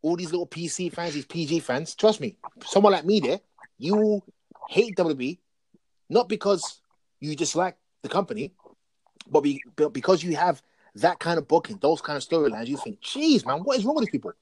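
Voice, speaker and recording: Casual podcast co-host, man, animated storyteller, fairly high voice. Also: normal speed, no room sound, rough recording. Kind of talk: casual wrestling chat.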